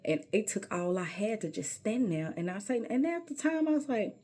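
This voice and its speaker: A woman's voice: mid-range voice, sing-song, normal speed, mellow. A middle-aged woman telling a personal story in a sassy, emphatic way, often calling the listener baby.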